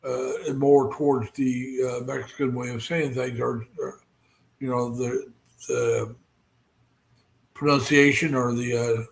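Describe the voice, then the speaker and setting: An American man hosting a live stream, chatting casually and rambling with many fillers and pauses. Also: mid-range voice, little pitch movement, creaky, rough recording. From United States. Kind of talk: casual chat.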